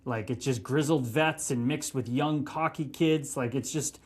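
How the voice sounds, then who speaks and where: A man's voice: mid-range voice, unhurried, slightly rough. A man in his thirties, a former pro hockey player, swearing freely as he tells stories in a casual podcast interview. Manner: profane, animated storytelling.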